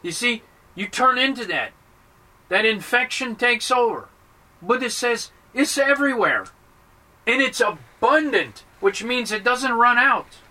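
High, bright-voiced male Buddhist teacher. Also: lively intonation, unhurried, distant mic, poor audio. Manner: playful, acts out little dialogues with voices. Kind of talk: dharma talk.

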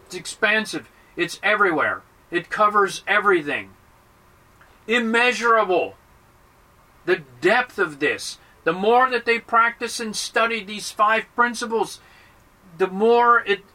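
A man's voice: high voice, lively intonation, unhurried, sharp tone, distant mic, rough recording. A man giving a playful dharma talk as a Buddhist teacher, acting out little dialogues to make his points.

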